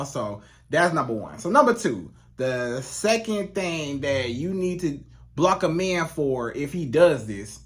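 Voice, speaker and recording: A relationship coach talks straight to the camera with casual, emphatic advice, repeating points to drive them home. Her voice is mid-range with a fairly bright tone.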